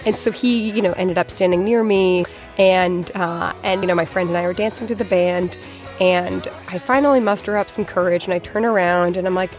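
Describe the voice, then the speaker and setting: A woman in her thirties from Boston, telling a personal story in a chatty, animated way, full of "like" fillers. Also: medium pitch, fairly quick, faint music behind. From Boston, USA. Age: 30s.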